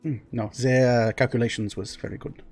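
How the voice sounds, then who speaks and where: A man voicing a stiff armored male stranger who speaks in a halting, formal way with broken grammar. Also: medium pitch, steady tone, darkish tone, soft background music, lightly acted. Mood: calm.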